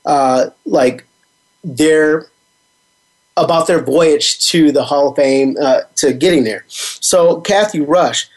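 A man's voice: fairly high pitch, a little mellow. A man with a slightly raised voice hosts a sports radio talk show. He rambles along in a loose, conversational way, leaning on lots of little fillers.

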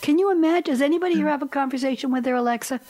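A woman's voice: sits high, very fast, mellow. A woman hosting a panel talk, chatty and playful, spelling out guests' web addresses. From lives in Tennessee. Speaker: host. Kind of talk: casual chat.

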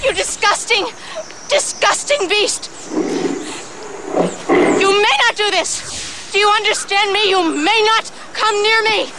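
A woman's voice: takes it slowly, long pauses, bright, forceful tone, heavily acted, poor audio. An actress playing a haughty woman shrieking in outrage at a filthy beast. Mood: furious. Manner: imperious, shrill outrage.

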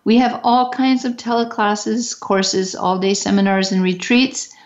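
Female radio co-host, even scripted read, dull radio sound. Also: mid-range voice, measured pace. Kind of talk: reading a scripted announcement.

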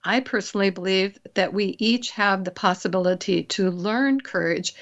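A woman hosting a radio talk show, chatting casually with fillers and slowing down for emphasis. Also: mid-range voice, a bit bright, highs cut off. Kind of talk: casual chat and scripted intro.

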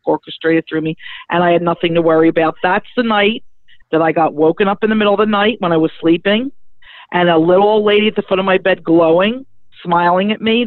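A spiritual medium telling a personal story in a chatty, animated way, acting out the voices they quote. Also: medium pitch, no echo. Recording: tinny phone-like dry sound.

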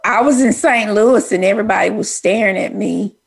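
A woman's voice: mid-range voice, a little fast, vocal fry, breathy edge. A woman with a Texas accent, co-hosting a casual chat in a folksy storytelling way. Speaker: co-host.

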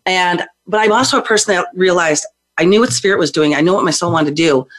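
A woman's voice: lowish voice, fast, a bit bright. A woman guest on a talk show, a psychic medium telling her story in a hyper, rowdy, chatty way. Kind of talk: casual talk show interview.

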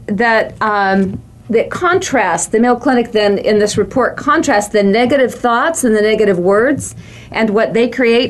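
A middle-aged woman hosting a talk show, chatting conversationally with her guest. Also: mid-range voice. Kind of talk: casual chat.

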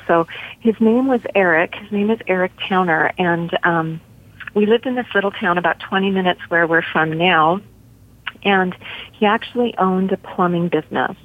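A middle-aged woman calling in as a guest, telling a faith story in an earnest, steady way. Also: on the low side, moderate pace. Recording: tinny phone line.

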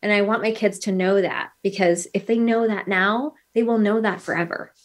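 A woman's voice: medium pitch, fairly even intonation, moderate pace. A woman in her thirties, a podcast guest, talking earnestly and telling stories with lots of quoted dialogue. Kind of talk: casual podcast conversation.

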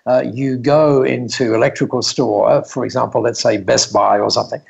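A man voicing an earnest woman entrepreneur with a Japanese accent who speaks in slow, halting broken English. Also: mid-range voice, steady tone, gravelly, husky, highs cut off. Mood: patient.

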